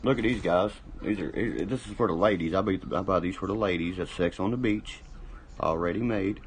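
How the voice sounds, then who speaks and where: A man's voice: sits low, a little fast, slight background noise, rough recording. A man hosting a casual livestream, rambling and boastful, swearing often while he drinks. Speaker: livestream host.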